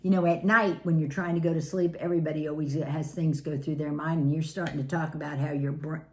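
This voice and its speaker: A middle-aged woman with a lowish voice chats casually to the camera as a family caregiver. She laughs often as she tells her stories. Her delivery is relaxed and conversational. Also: quick pace. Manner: chatty, laughs often while telling stories. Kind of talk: casual storytelling vlog.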